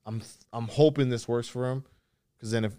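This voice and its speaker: A man's voice: medium pitch, fairly even intonation, normal speed, mellow, clean tone. A man co-hosting a casual sports chat, blunt and profane, steering the topics. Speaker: podcast co-host.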